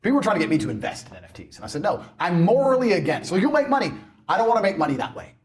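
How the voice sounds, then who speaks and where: A man ranting on a podcast in a boastful, mocking way, mimicking people in loud bursts. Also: sits high, sing-song, rapid-fire. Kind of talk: animated podcast rant.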